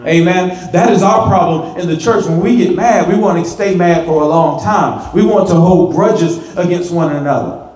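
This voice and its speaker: High-voiced man preaching in an echoey church. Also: normal speed. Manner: animated preaching with repetitions and rising emphasis. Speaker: pastor. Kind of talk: sermon. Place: church sanctuary.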